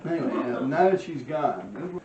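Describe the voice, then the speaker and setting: A man's voice: medium pitch, animated, normal speed, noisy background. A man in his forties with a New York accent, telling rambling, profane street stories in casual vlog talk from a small apartment. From New York City. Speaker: vlog host. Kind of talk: casual storytelling. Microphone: camera across the room. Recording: roomy, distant, dull sound.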